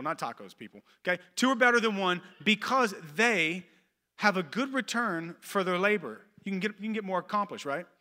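A man in his thirties, a pastor preaching a sermon in a church, moving between loud emphatic calls and soft, low asides. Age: 30s.

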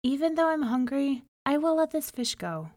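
A woman's voice: sits high, very animated, moderate pace, darkish tone, no echo, studio quality, voice pushed up. A woman voicing a humble, kind young male fisherman in a storybook reading, earnest and plain-spoken. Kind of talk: storybook narration.

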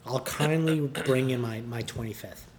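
A man from Canada, a podcast guest who jokes in a rambling, deadpan way. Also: medium pitch, normal speed, a little hiss or hum. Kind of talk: casual joking chat.

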